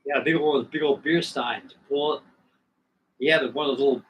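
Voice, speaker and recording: With a brisk, slightly bright mid-range voice and fairly even intonation, a man in his sixties rambles through a long story on his live stream. He keeps restarting and going off on tangents. The sound comes from a distant mic with faint noise behind it.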